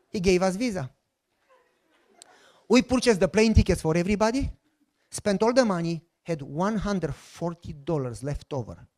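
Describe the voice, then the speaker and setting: A middle-aged male pastor, speaking in a fairly high voice. He preaches through a personal story with dramatic flair and voices both sides of each exchange himself. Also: lively intonation, normal speed, pauses often, darkish tone. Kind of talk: sermon storytelling.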